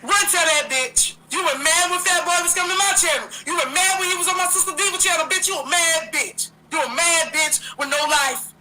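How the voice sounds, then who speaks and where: A woman's voice: very high-pitched, a little fast, few pauses, sharp tone, slight background noise, poor audio. A woman hosting a livestream, delivering a heated, profane, confrontational rant full of repeated jabs. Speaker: livestream host.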